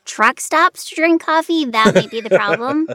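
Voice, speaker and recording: High-voiced woman asking questions. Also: lively intonation, moderate pace, crowd noise. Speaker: interviewer. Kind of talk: casual interview chat.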